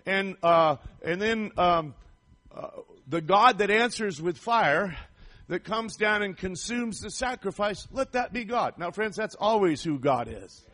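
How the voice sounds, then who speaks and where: High-voiced man preaching a fervent sermon. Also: animated, unhurried. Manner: fervent, rising to shouts, with asides and scripture readings.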